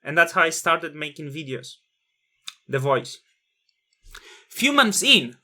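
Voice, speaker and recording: A man's voice: on the high side, bright, forceful tone. A man in his thirties, not a native English speaker, telling a personal story in a candid, blunt way, with swearing and frequent restarts.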